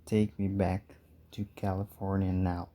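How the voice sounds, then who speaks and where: A man's voice: sits low, level tone, unhurried, mellow. A man reading aloud and voicing an angry, spoiled woman from California in a storybook, with a demanding manner.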